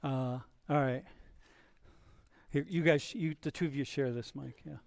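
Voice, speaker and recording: A man's voice: medium pitch, fairly even intonation, creaky, a little mellow, no echo, clean studio sound. Playful, teasing male lecturer. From Ohio. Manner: chatty, teasing, quick restarts. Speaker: university lecturer. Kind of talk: casual classroom banter. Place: large lecture hall.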